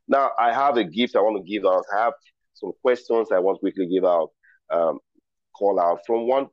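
A man hosts a virtual ceremony, running a riddle quiz playfully, teasing participants and reading out chat replies. His voice is lowish and a little mellow, with no room sound. The call audio is dry, dull and lo-fi.

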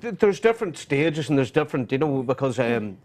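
A man's voice: mid-range voice, sing-song, fairly quick. A man hosting a live chat, rambling and friendly, with frequent "you know" asides. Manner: chatty, lots of "you know", warm asides. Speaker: radio show host. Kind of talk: casual chat on a sofa.

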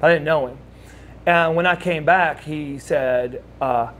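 Slow and on the high side, the voice comes from a man in his forties, a former wrestler, animatedly recounting stories in a casual shoot interview and performing the voices he quotes. Slight background noise is present.

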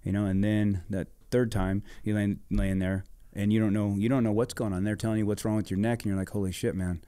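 A man's voice: lowish voice, little pitch movement, a little fast, mellow, clear, resonant tone, no echo, clean studio sound. A middle-aged man telling a story in casual podcast chat, laid-back and swearing freely. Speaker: podcast guest, former motocross racer.

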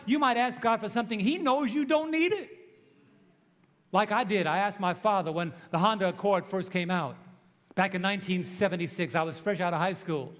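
A pastor in his sixties from New York, preaching a sermon with animated storytelling and call-and-response. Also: high-pitched. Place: church sanctuary. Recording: long church hall reverb.

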